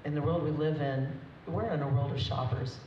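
With a low, darkish, steady voice and a slightly fast pace, the groom's mother gives an unscripted wedding toast, chatty, emotional, and full of laughs. The audio is dull and echoey, recorded from far off in a reception hall with crowd noise.

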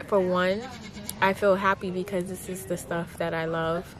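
A young woman vlogger speaks to her partner in a heartfelt, gushing way, peppering her emotional, casual vlog talk with lots of "likes." Her voice is lowish and level, at a moderate pace, with crowd noise around her.

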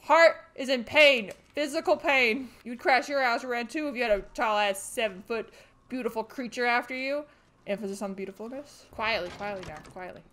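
A woman streamer talks her way through a horror game in a high-pitched voice. Her tone is bright and sharp. She is jumpy and excitable and argues out loud with the characters chasing her. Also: moderate pace. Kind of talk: let's play commentary.

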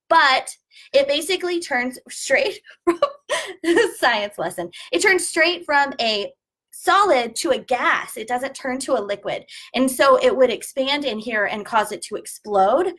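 A woman's voice: high voice, expressive, measured pace, a bit bright. A woman, a former flight attendant chatting casually through an unboxing review and sharing travel tips. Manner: chatty, jokey, explains tips.

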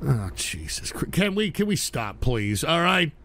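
A man hosting a livestream talk show, scolding his audience in an exasperated rant that keeps breaking into shouts. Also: fairly high pitch, big pitch swings, unhurried, slight background noise.

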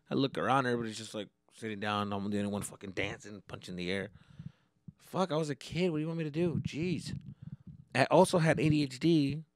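A young man hosting a podcast, telling profane, animated comedic stories. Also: medium pitch, fast talker, no echo, clean studio sound. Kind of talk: comedic storytelling monologue.

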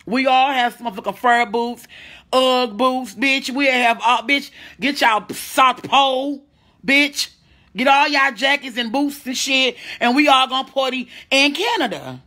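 Speaking unhurriedly in a high, bright voice with a forceful edge, she reads her viewers' comments out loud and responds to them. She's a brash, foul-mouthed St. Louis woman running a relaxed livestream from indoors at home.

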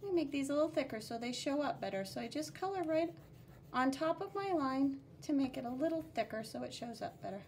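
A woman teacher giving a slow, gentle, step-by-step drawing lesson for young children, counting out the shapes as she draws. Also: high-pitched, expressive, a little hiss or hum.

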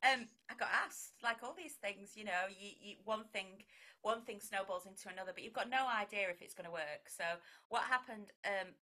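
A woman's voice: medium pitch, normal speed, sharp tone. A middle-aged woman, a vicar and broadcaster, chatting in an interview and acting out quoted exchanges. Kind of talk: conversational interview.

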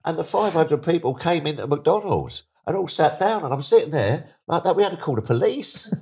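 A middle-aged man tells stories as an interview guest, chatty and animated, slipping into excited voices when he quotes people. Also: a little high, a little fast. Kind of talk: casual storytelling interview.

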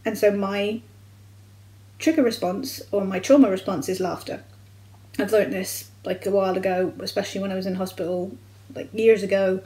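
A young adult woman vlogger, from the United Kingdom, recounting a personal medical experience in a candid, halting way with frequent restarts. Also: mid-range voice, fairly even intonation, dark tone, rough recording. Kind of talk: personal storytelling vlog.

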